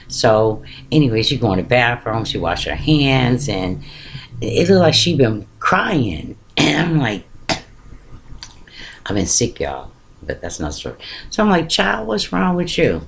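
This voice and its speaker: A man telling a personal story in a casual, colloquial way, with big swings in pitch for emphasis. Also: slight background noise.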